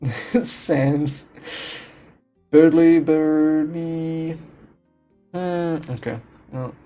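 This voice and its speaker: Laughing a lot and often restarting, a game streamer chats loosely on a home stream with a self-deprecating streak. Their voice is mellow and medium in pitch, recorded in a home room.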